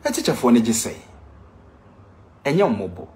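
A man's voice: mid-range voice, very animated, a little slow, darkish tone, a little hiss or hum. A man with a Ghanaian accent, a teacher, making an impassioned complaint with emphatic rhetorical questions.

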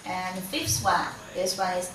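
A woman's voice: lowish voice, fairly even intonation, moderate pace, a bit bright, recorded from a distance, slight background noise. A woman from China with a Chinese accent, patiently teaching a Mandarin lesson in English and modelling the tones. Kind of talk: online language lesson. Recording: echoey room, voice slightly off-mic.

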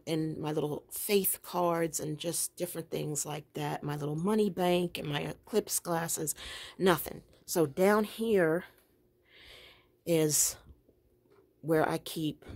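With a low-sitting voice and a darkish tone, this woman rambles cheerfully through a tour of her home craft room, laughing frequently. She makes planner and journaling vlogs.

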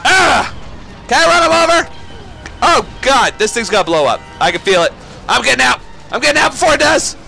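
A man giving let's play commentary on a shooter game, excitable, swearing and yelling at enemies. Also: extremely high pitch, a little fast, vocal fry, faint music behind, some chatter behind. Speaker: gaming YouTuber.

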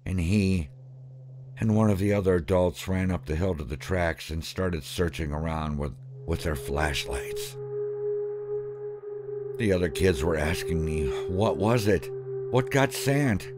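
Slow, deep-voiced man narrating horror. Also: fairly even intonation, heavy background noise. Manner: halting, breaks off and restarts mid-sentence. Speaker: storyteller. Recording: background music under voice.

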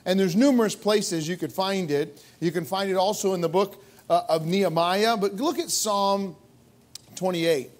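High-pitched preacher guy in a church, punchy, keeps firing questions at the crowd. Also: moderate pace. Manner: emphatic preaching with rhetorical questions. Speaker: pastor. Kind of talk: sermon. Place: church sanctuary.

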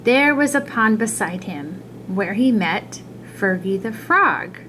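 A woman reading a children's picture book aloud, expressive and adding little asides about the pictures. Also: mid-range voice, measured pace, few pauses, slight background noise, low-quality recording. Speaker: storybook reader.

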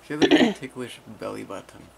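A young man who is sick with a sore throat, talking low and half whispering in a casual home vlog. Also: wildly swooping pitch, quick pace, vocal fry, fairly bright tone, slight background noise. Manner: low and mumbling, often near a whisper. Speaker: vlogger. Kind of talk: casual couple vlog chat. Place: home, indoors.

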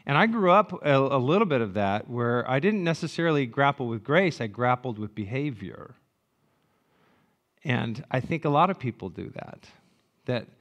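A pastor in his sixties delivers a sermon with a mid-range voice, telling lively, joke-filled stories. He swings between loud asides and quiet, reflective moments.

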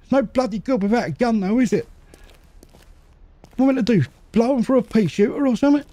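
A man casually commentating a game as he plays, muttering to himself and making quick jokes. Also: very high-pitched, warm tone, dry recording. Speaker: gaming channel host. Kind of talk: casual let's-play commentary.

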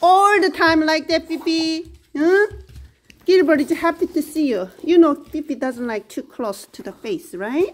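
A woman's voice: high-pitched, unhurried. A woman gushing in sing-song baby talk to her pet dogs. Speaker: pet owner vlogger.

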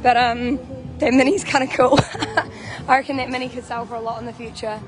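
A woman's voice: on the high side, steady tone, brisk. A young woman with a New Zealand accent chatting and laughing as she walks through an outdoor camp, filming on a handheld phone. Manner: bubbly, chatty, laughs often. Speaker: vlogger. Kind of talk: walking livestream vlog. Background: music playing nearby.

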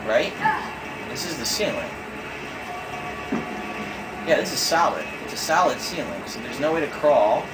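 A man's voice: mid-range voice, big pitch swings, unhurried, pauses often, loud music behind the voice, rough recording. A young man giving frustrated, swear-heavy commentary while playing a video game. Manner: cursing, exasperated, thinks aloud. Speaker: gamer.

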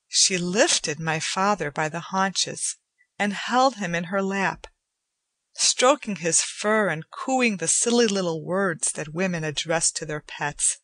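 A woman narrating a short story in slow, measured, somber storytelling. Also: fairly low pitch, fairly bright tone, dry recording. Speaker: audiobook narrator. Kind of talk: scripted narration.

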